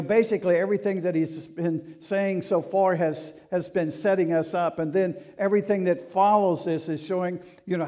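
High, mellow-voiced male pastor preaching. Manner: conversational preaching with rhetorical questions; earnest and urging. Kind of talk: sermon.

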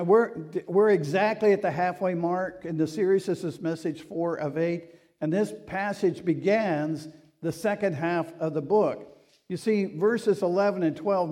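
A man's voice: high voice, a little slow, warm tone. A man preaching a sermon as a pastor, in a conversational, earnest way that keeps asking the listeners questions. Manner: earnest and urging.

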